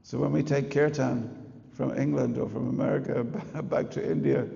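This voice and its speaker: A man in his late sixties giving a humorous, chatty spiritual talk to an audience, at times leading a slow chant. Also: mid-range voice, steady tone, vocal fry, warm tone. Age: 60s. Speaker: spiritual teacher. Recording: muffled reverberant hall.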